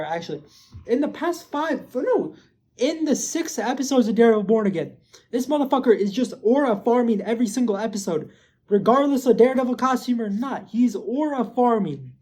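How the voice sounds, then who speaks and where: A man's voice: very high voice, fairly quick. A man casually recapping a TV episode, rambling with lots of filler words and swearing. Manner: gets excited and loud when hyping. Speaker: show recap host.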